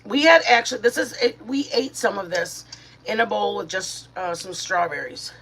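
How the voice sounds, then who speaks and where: A middle-aged woman from Michigan runs a casual live stream, her voice slightly rough and her pace normal. She's chatty and warm, greeting viewers in chat by name, and switches to a sweet, high baby voice when talking to her dogs.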